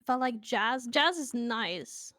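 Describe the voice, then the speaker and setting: A woman's voice: fairly high pitch, animated, takes it slowly, pushed and bright, no echo, clean studio sound. A woman from Sweden with a Swedish accent, chatting playfully and casually with stream viewers over a voice call. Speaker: guest on a stream.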